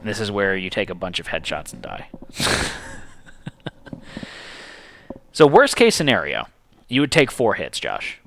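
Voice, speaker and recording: Animated man running a board game. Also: lowish voice, normal speed, vocal fry. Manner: animated, reads rules aloud, counts dice. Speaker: game host. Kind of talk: casual board game play over a stream.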